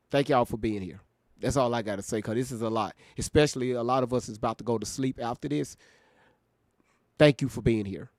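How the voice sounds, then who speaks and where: A man's voice: medium pitch, no echo, clean studio sound. A man hosting a reaction stream, talking to his viewers in an emphatic, informal way. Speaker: reaction video host. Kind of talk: casual live-stream commentary.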